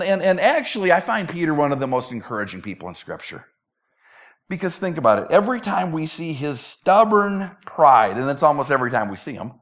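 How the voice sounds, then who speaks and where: Conversational, emphatic male preacher. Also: a little high. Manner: conversational, emphatic, repeats words when restarting. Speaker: pastor. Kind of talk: sermon.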